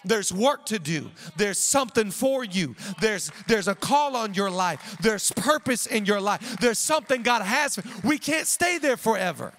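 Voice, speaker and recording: A man's voice: high-pitched, a bit bright, long reverb tail. A man pastor preaching a sermon with an emphatic, repetitive cadence.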